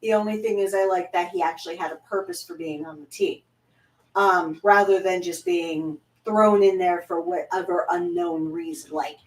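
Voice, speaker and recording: A woman's voice: fairly low pitch, fairly even intonation, moderate pace. A woman chatting casually and bluntly with frequent swearing while nursing a headache. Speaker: co-host. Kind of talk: casual reaction chat. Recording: echoey room, far from mic.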